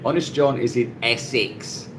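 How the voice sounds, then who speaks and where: A man's voice: mid-range voice, a little slow, creaky, background noise. A middle-aged man hosting a casual live stream from his phone, chatting and greeting viewers by name and laughing often. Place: Cebu, Philippines.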